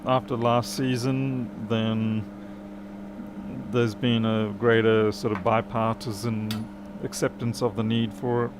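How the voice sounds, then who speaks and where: A man's voice: mid-range voice, little pitch movement, slow pace, background noise. A man chatting casually and dryly while working, answering viewers' questions. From Australia. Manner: chatty, dry humour, answers chat questions. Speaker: repair streamer. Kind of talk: casual live-stream chat while working.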